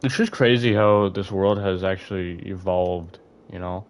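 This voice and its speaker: A man's voice: low-pitched, normal speed. A young man streaming, chatting casually to his viewers, rambling with lots of fillers and restarts. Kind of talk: casual live-stream chat.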